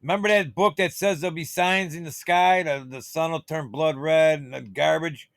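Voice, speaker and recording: A man's voice: on the high side, steady tone, moderate pace, vocal fry, a bit bright, dry recording. A man hosting his own channel, rambling in casual, profane, conspiratorial commentary while showing things on his computer screen. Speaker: channel host.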